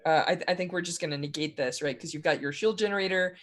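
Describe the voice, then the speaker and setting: Narrating a tabletop RPG, a game master with a mid-range voice speaks in stops and starts, frequently beginning again and laughing softly.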